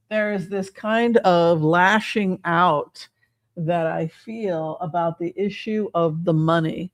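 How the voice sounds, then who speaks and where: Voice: mid-range voice, slow pace, no echo. An older tarot reader giving a casual reading, rambling and sarcastic, swearing freely.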